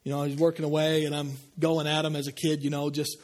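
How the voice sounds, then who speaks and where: Pastor, male, casual sermon delivery, a little higher-pitched than most men, turns quiet and slow for emphasis. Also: level tone. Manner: conversational, asks the congregation questions; drops low and slow for emphasis.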